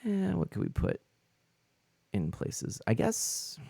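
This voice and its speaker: A man's voice: a little high, huge pitch swings, takes it slowly, vocal fry, dark tone, no echo. A man chatting casually on a live stream while he plays, answering his chat as he rambles with lots of fillers and restarts.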